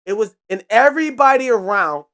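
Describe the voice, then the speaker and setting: Animated young man telling a profane story. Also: high voice, a little fast. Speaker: podcast host. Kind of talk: casual storytelling rant.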